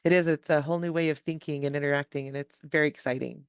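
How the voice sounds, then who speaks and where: A woman's voice: deep voice, steady tone, quick pace, smooth, no echo, clean studio sound. A woman moderating an online training session over a video call, friendly and a bit hesitant. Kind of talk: webinar hosting.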